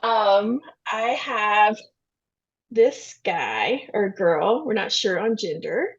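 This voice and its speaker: A woman's voice: medium pitch, lively intonation, extremely slow, husky, highs cut off. A middle-aged woman from Kentucky with a Southern drawl, chatting as a guest author and laughing often. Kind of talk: casual podcast chat.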